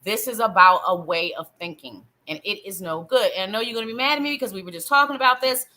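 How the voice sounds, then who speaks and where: A woman's voice: medium pitch, a little fast, hardly any pauses, sharp tone, poor audio. A woman hosting a live psychic show, giving tarot readings in a chatty, playful way, talking straight to the viewer and laughing often.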